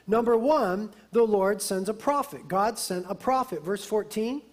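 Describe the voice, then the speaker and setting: A pastor preaching a sermon, lively and emphatic, slipping into a conversational tone now and then. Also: male voice, sits high, a little slow.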